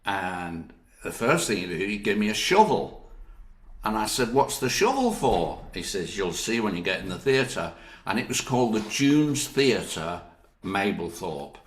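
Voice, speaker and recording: A man's voice: lowish voice, measured pace. An older man with a Northern English accent, an actor telling anecdotes in an interview, laughing often and acting out what others said. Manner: lively, laughs often, quotes others in their voices. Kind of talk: anecdotal storytelling. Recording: roomy echo.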